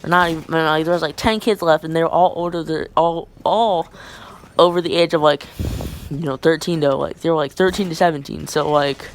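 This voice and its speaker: Young-sounding woman, low voice, rambly storytime vlogger, faint hiss behind her. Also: fairly even intonation, fairly quick. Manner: rambling, filler-heavy slang talk. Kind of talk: casual storytime vlog.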